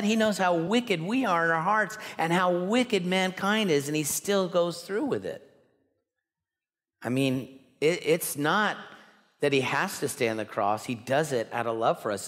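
A pastor preaching a sermon in an earnest, emphatic way, slowing down to stress key words. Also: male voice, a little high, a bit bright. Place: church sanctuary. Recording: long hall reverb.

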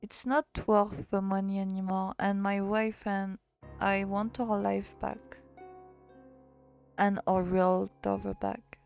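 A woman's voice: mid-range voice, flat delivery, slow pace, gravelly, a little mellow, soft background music. A woman with a French accent reading the part of a cold, fed-up middle-aged father in a game, speaking bluntly and dismissively.

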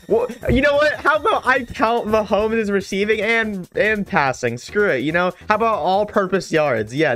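Male gaming commentator, slightly high voice, excitable and trash-talking, faint music bed. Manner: excitable, trash-talking, self-mocking gamer banter. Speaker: gaming YouTuber. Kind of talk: live gameplay commentary.

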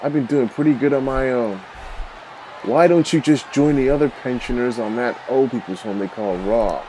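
A man's voice: medium pitch, moderate pace, noisy background, close to an everyday voice. A man voicing a young, self-assured male wrestler who flippantly turns down help. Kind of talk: video game role-play voiceover.

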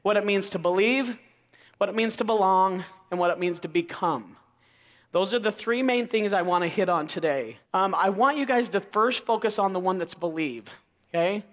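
A man's voice: high voice, expressive, normal speed, fairly bright tone. A middle-aged man from Idaho giving an enthusiastic motivational talk, calling out questions to the audience in a large auditorium. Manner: enthusiastic, crowd-engaging, calls out questions to the audience. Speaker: motivational speaker. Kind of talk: energetic keynote talk. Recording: long hall reverb.

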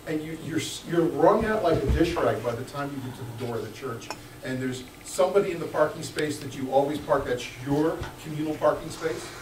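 Man, pastor, sermon, joking, loud bursts and hushed asides, echoey hall, faint background noise. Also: fairly high pitch, fairly quick. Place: church sanctuary. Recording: echoey church room, mic at a distance.

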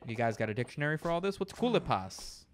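Jokey, lively man streamer. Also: a little high, fast talker, slight background noise. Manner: jokey, addresses viewers directly. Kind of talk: let's-play commentary.

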